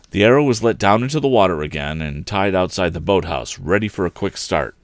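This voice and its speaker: Deep-voiced man reading a storybook aloud. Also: fairly quick, hardly any pauses, dry recording. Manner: expressive, voicing each character. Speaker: livestream storyteller.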